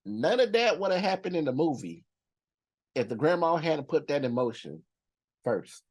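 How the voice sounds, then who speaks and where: A man's voice: on the high side, sing-song, moderate pace. A young man hosting a movie reaction channel, talking through a ranked list in loose, slangy, rambling casual commentary full of fillers.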